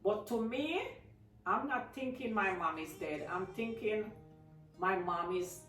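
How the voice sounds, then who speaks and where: Speaking slowly in a mid-range, slightly bright voice, a Jamaican woman tells her viewers a personal story, calling them "guys" in a casual, emotional manner. The mic sits at a distance in an echoey room, with faint music behind her.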